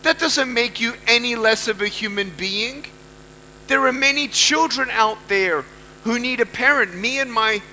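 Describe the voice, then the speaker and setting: A man's voice: high-pitched, bright, forceful tone, a little hiss or hum, rough recording. A man giving a motivational speech to a live audience, emphatic, repeating key phrases and putting questions to the listeners. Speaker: motivational speaker.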